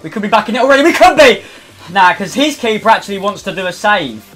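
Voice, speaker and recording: A young man commentating his own football video game match, swinging between low muttering and swearing, shouting outbursts. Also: animated, very fast, soft background music. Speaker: gaming YouTuber. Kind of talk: live gameplay commentary.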